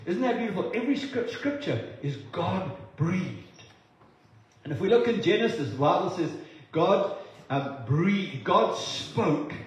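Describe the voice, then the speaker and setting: A man from South Africa preaching a sermon as pastor, earnest and repeating words for emphasis. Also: a little high. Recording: very echoey room, voice from a distance.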